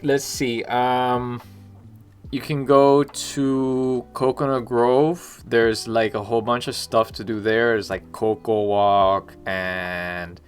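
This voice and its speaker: A man voicing a brash young Miami bro with a Miami accent, talking loud and slangy, full of "like" and "bro". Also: medium pitch, lightly acted.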